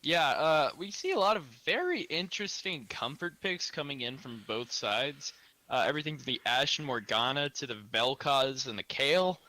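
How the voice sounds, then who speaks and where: A man casting a live esports match, chatty and opinionated and quick to laugh. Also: medium pitch, very animated, sharp tone. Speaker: esports caster.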